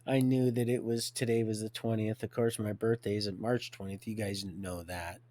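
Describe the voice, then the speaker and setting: A man hosting a livestream, rambling through a religious monologue, swinging from hushed to loud and laughing often. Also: lowish voice, steady tone, moderate pace, no room sound. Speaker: livestream host.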